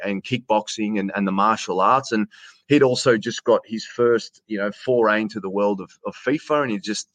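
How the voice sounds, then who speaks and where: A middle-aged Australian man in a casual interview, telling stories in a chatty, animated way and calling the host "mate". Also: on the low side, dry recording, lo-fi sound. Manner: chatty, animated storyteller who says "mate" often. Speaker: interview guest, sports announcer.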